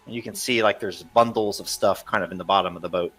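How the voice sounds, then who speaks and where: A man's voice: low-pitched, fairly even intonation, fast, hardly any pauses, a bit bright, soft background music. Hesitant game master man. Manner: hesitant, many fillers. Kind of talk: narrating a tabletop game.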